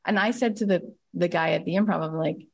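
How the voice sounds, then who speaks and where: Excitable american lady host, lowish voice, pumping everyone up, acts out convos. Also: fairly quick, vocal fry, slightly rough. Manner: excitable, emphatic, acts out quoted dialogue. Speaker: podcast host and business coach. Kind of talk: energetic motivational live talk.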